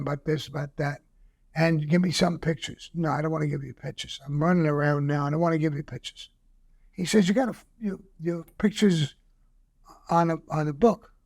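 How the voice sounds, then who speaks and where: Gravelly older New man telling stories. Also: fairly high pitch, a little fast. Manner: profane, animated, acts out quoted dialogue. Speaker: guest. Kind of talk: casual storytelling.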